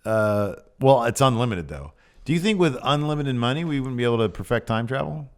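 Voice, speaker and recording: A man co-hosting a wrestling podcast in casual, joking chat, talking in quick animated bursts. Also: mid-range voice. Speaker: podcast co-host.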